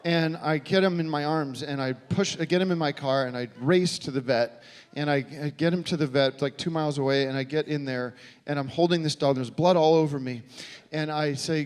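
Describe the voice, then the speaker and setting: A man doing a live stand-up comedy set, telling a long deadpan rambling story with halting restarts. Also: a little high, clear, resonant tone. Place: live comedy venue with audience. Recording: live show recording with faint crowd.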